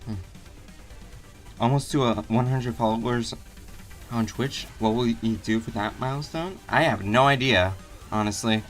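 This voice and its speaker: Guy streaming a game, rambly and unsure, mid-pitch voice, faint music behind. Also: measured pace, pauses often. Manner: rambling, unsure, reads chat aloud. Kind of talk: casual live-stream chat.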